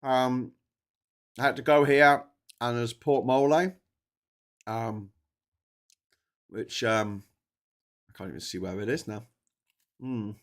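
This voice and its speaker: A man's voice: mid-range voice, fairly even intonation, slow, pauses often. A tired man hosting a solo livestream, talking in a rambling way with frequent restarts and fillers. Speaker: livestream host.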